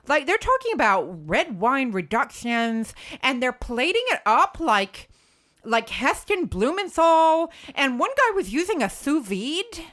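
A woman's voice: high-pitched, very animated, measured pace, a bit bright. A woman co-hosting a podcast in casual chat, chatty and self-mocking. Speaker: podcast co-host.

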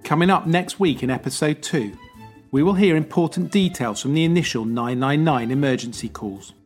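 A man hosting a true crime podcast, reading scripted narration in a measured way. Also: a little high, faint music behind. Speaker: podcast host.

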